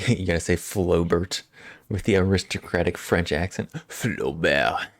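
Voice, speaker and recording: A man streaming live, chatting casually with frequent chuckles and halting restarts as he rambles. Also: low voice, flat delivery, no room sound, studio quality.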